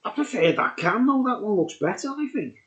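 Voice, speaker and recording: This man has a high, sing-song voice that's a bit bright and brisk. He's casually reviewing a beer on his vlog, chatty and enthusiastic, rambling and laughing along the way. The recording sounds dull and lo-fi.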